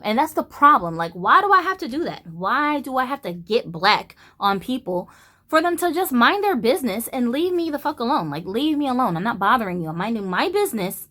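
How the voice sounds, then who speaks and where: A woman in her thirties from the United States, ranting and telling a story to camera in a blunt, profane, animated way. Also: a little high, fairly quick. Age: 30s. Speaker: vlogger. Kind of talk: casual storytelling rant.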